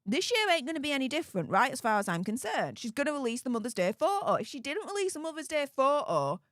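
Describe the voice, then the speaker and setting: Lively woman, dry close mic. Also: high-pitched, no echo. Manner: chatty, exclamatory, quick to laugh. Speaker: livestream commentator. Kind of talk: live chat reading and commentary.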